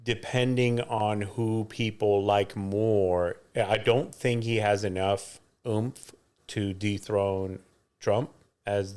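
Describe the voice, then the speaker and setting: A fairly low, slightly mellow, clean-toned male voice belongs to a middle-aged podcast co-host. He's in a chatty mood, telling stories and laughing a lot.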